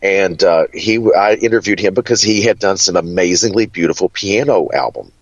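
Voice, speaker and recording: A chatty, flamboyant man from Kentucky with a Southern twang and a low voice. He rambles through stories in an easy, casual way. The sound is dull and dry, with no room echo. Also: moderate pace. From Kentucky, USA. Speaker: guest. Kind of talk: casual interview chat.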